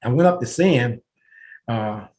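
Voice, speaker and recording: A middle-aged man, a podcast guest, telling a personal story in a lively way and acting out the back-and-forth of conversations. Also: medium pitch, a little slow. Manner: lively storyteller who acts out dialogue with laughter. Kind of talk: storytelling in an interview.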